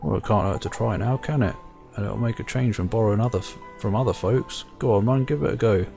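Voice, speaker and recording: A man's voice: lowish voice, fast, creaky, warm tone, faint music behind. A man reading game dialogue aloud, voicing a cheeky little male fairy sidekick with chummy banter. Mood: coaxing.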